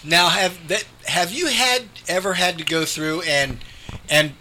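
A male pastor sitting in on a radio talk show, with a bright, clear tone and a slightly high voice. He chimes in with questions and agreeable remarks over a faint hum of background noise. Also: measured pace. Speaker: pastor and co-host. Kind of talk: casual radio chat.

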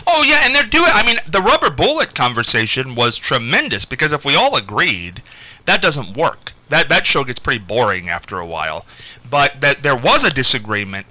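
Animated, bright-voiced male radio host. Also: normal speed, dry recording, rough recording. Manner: animated storyteller, jumps pitch for quotes. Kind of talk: casual radio chat.

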